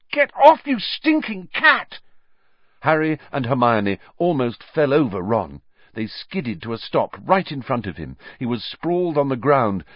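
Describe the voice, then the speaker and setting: A man narrating an audiobook in an expressive, dramatic storytelling manner. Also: mid-range voice, no echo. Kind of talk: scripted narration. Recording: dry, slightly dull lo-fi audio.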